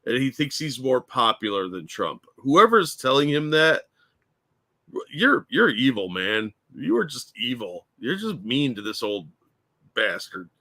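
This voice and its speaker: A man's voice: mid-range voice, sing-song, unhurried, pushed and bright, no room sound. A man co-hosting a casual political chat, blunt and mocking in tone. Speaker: co-host.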